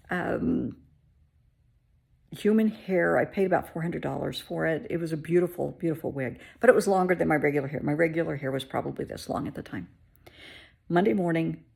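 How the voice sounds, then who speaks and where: A woman's voice: low-pitched, vocal fry, a little mellow, breathy edge. A woman, a therapist, candidly telling her own story in a conversational, emotional way. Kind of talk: personal storytelling vlog.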